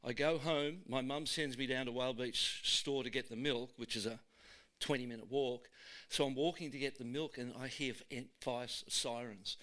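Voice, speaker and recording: Aussie bloke hosting a podcast, bright voice, tells stories and laughs a lot. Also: male voice, medium pitch, normal speed. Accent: Australian. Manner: lively yarn-spinner, laughs often, acts out voices in his stories. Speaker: podcast host. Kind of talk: casual storytelling chat. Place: podcast studio.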